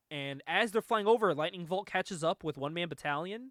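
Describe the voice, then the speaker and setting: A man's voice: high-pitched, fairly quick, few pauses, no echo, studio quality. A man hosting a podcast, recapping a comic book in a loose, chatty way, laughing often and swearing freely. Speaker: podcast host.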